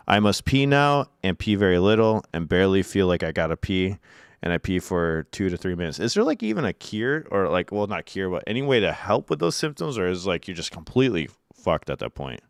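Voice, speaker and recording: Deep-voiced man chatting casually on a stream. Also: clean tone, no echo, studio quality. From Syracuse, New York. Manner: loose and profane, laughing at his own stories. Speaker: streamer reading and answering live chat. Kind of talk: casual livestream chat. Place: home room.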